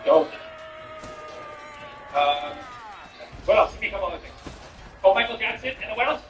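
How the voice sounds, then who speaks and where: A man's voice: sits high, animated, moderate pace, gravelly, fairly bright tone, distant mic, lo-fi sound. A man streaming a game and chatting with viewers, a comedian with profane, rambling, incredulous banter. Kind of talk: casual gameplay chat with viewers. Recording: echoey room, off-mic, music behind.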